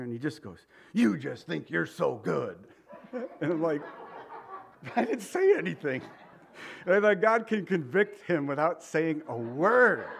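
A man preaching a sermon, animated and acting out the voices he quotes. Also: a little high. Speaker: pastor.

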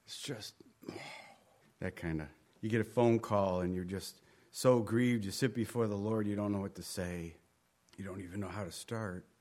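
A man's voice: on the low side, fairly even intonation, moderate pace, darkish tone. A man preaching a Bible study sermon in a conversational way, rising and falling in volume and sometimes dropping almost to a whisper. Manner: conversational, varies volume, drops to near whisper. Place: room with a group.

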